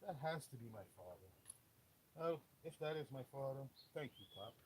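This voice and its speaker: A man's voice: mid-range voice, lively intonation, moderate pace, slight background noise, low-quality recording. A man streaming live as a mechanic, explaining engine work bluntly with joking asides. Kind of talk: live how-to stream, casual chat. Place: auto workshop.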